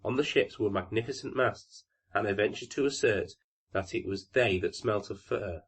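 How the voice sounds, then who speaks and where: A man doing a musing, measured old stork. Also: on the low side, slightly rough. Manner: measured, thoughtful.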